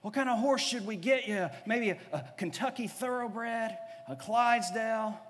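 Keen, pushy disciples , as a man puts them on in a sermon, talking up big plans with excited persuasion. The voice sits high and bright. It rings out with a long reverb, as in a large hall. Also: normal speed, slight background noise. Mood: eager. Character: eager male disciples pitching grand ideas.

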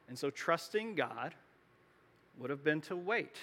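Pastor, male, conversational sermon delivery with frequent restarts, high bright voice. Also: lively intonation, unhurried. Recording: long hall reverb.

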